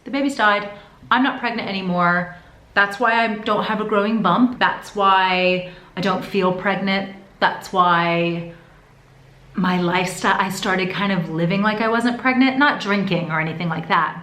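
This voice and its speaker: A woman talking to camera in a casual vlog, telling her story in a chatty, expressive way. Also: mid-range voice, measured pace. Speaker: vlogger. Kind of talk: casual pregnancy update vlog. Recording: echoey room.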